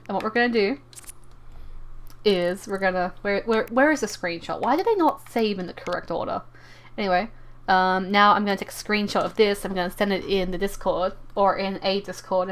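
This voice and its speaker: A woman's voice: mid-range voice, fairly bright tone, a little hiss or hum. Chatty woman rambling on a live stream. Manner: chatty and rambling, stumbles and repeats words; playful, talks to viewers and game characters. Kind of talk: casual live-stream chat while gaming.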